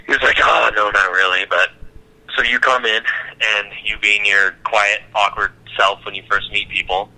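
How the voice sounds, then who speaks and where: A young man from Nebraska chatting casually on a podcast, telling animated stories and cussing freely. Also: on the low side, normal speed, poor audio. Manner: animated storytelling, acts out quotes, swears freely. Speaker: podcast co-host. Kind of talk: casual chat.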